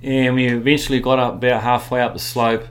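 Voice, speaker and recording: A man's voice: mid-range voice, flat delivery, brisk. Chatty New man telling a story. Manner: chatty, repeats words while recalling. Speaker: interview guest. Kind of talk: casual anecdotal storytelling.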